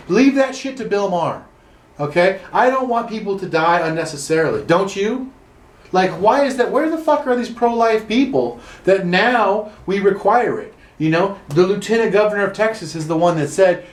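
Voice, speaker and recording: Comic man, high voice, sarcastic swearing rant, roomy echo from home. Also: animated, normal speed. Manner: swearing, sarcastic, rising to exaggerated outrage. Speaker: standup comedian. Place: his own room.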